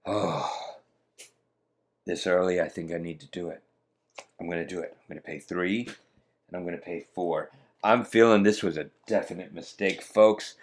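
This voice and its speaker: Chatty man with a lively, gravelly voice. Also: deep voice. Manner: chatty and theatrical, addressing viewers as folks. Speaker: solo board game player and host. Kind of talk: solo board game playthrough commentary.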